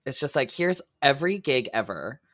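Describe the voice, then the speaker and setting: A man co-hosting a podcast while sick, his voice raspy, chatting casually and trailing off with fillers. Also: medium pitch, very animated, moderate pace, fairly bright tone, no echo, studio quality. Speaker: podcast co-host. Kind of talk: casual chat.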